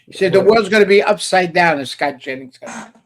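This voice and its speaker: A man's voice: high voice, lively intonation, brisk, creaky. A man co-hosting a casual political chat show, rambling with lots of "uh" fillers and jokey asides. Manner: rambling, many "uh" fillers, joking. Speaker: co-host.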